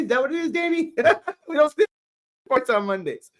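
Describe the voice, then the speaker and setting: A man with a fairly high voice hosts a casual live stream. He chats upbeat and loose, calls out viewers by name and laughs easily between his encouragement. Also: sing-song, fairly quick. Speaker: livestream motivational host. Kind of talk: live stream chat reading. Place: home livestream setup.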